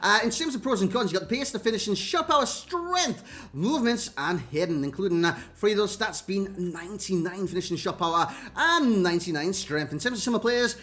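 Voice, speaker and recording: He speaks briskly with lively intonation and a high, somewhat bright voice. A gaming YouTuber from North East England, this Geordie gives easygoing commentary over game clips, calling viewers "lads" and "mate."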